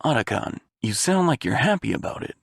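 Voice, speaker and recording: For an audiobook, a man voices a grim, hardened male soldier who speaks bluntly and tersely. His delivery is gruff, gravelly, low, sing-song, and brisk, and the recording is dry and studio quality.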